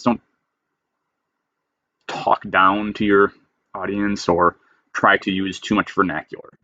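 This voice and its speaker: A man's voice: lowish voice, bright, forceful tone, highs cut off. A man teaching creative writing, reading style rules aloud and explaining each one emphatically. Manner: emphatic, reads a rule then explains it plainly. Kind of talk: lecture reading rules with commentary.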